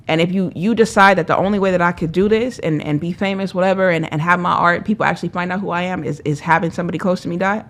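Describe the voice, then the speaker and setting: Gravelly, animated young woman. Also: on the low side, fast talker. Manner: emphatic, animated, acts out quoted voices. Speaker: podcast guest. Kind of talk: candid storytelling.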